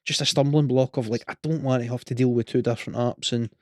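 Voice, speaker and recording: A man's voice: medium pitch, steady tone, quick pace, darkish tone, no echo, clean studio sound. A Scottish man co-hosting a podcast, chatting casually in a rambling, hesitant way. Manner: rambling, hesitant, lots of fillers. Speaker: podcast co-host. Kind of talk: casual chat.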